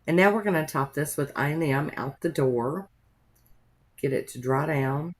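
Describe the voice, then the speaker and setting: A woman's voice: low-pitched, measured pace, husky. A woman narrating a nail art tutorial in a chatty, rambling way, with homey asides to her viewers.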